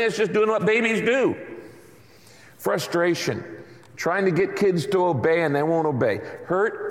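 Man preaching in a reverberant hall. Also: high voice. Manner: conversational preaching with acted-out asides. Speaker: pastor. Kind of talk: sermon. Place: large church auditorium.

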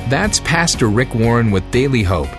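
A man's voice: mid-range voice, sing-song, normal speed. A male program announcer reading a friendly scripted promo. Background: soft music bed.

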